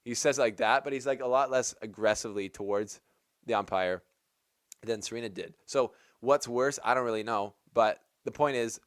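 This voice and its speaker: A man's voice: medium pitch, normal speed, no room sound, clean studio sound. A man hosting a tennis channel, giving casual opinion commentary in a chatty, rambling way with lots of "like". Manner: chatty, rambling, heavy use of "like".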